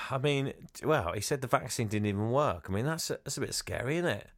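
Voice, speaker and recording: A man co-hosting a podcast in casual chat, jokey and quick to laugh. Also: mid-range voice, lively intonation. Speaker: podcast co-host.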